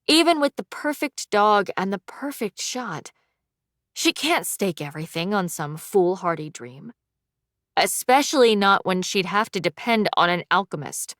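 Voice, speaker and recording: A woman narrating an audiobook with a measured, even reading. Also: mid-range voice, dry recording, clean studio sound. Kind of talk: scripted narration.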